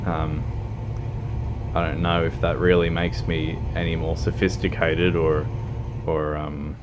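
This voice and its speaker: A man's voice: rumbling low, flat delivery, a little slow, noisy background. An Australian man chatting casually on a gaming livestream, rambling and self-mocking with lots of fillers and laughter. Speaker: game streamer. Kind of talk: casual livestream chat while driving a truck game. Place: at home, streaming.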